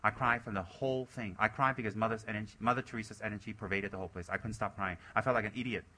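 A man's voice: lowish voice, steady tone, racing, pushed and bright. A man, a Buddhist teacher, giving a dharma talk to his center's members, exhorting and scolding them and mocking their excuses in put-on voices.

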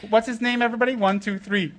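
A man's voice: very high-pitched, fairly even intonation, quick pace, a bit bright. A middle-aged man giving an informal Dharma talk as a Buddhist teacher, teasing and jokey in blunt short phrases.

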